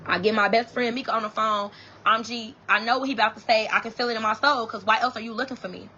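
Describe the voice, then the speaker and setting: Young woman, high bright voice, cussing and blunt, storytime chat to her viewers, kinda dull lo-fi audio. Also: fairly even intonation, fast, slight background noise. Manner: profane, blunt and emphatic, with many restarts. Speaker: storytime vlogger.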